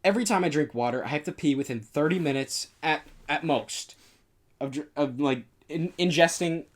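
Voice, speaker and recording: A man's voice: on the high side, moderate pace. A young man in his late teens co-hosting a casual podcast, goofy and earnest, rambling through his explanations. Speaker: podcast co-host. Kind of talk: casual chat.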